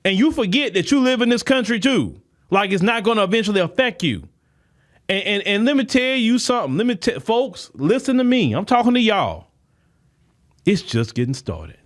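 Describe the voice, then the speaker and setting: A man's voice: high-pitched, big pitch swings, normal speed. A man hosting a podcast, delivering a fiery political commentary monologue that speaks straight to his listeners, often repeating and restarting his words. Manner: fiery, preaching, addresses listeners directly. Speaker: podcast host.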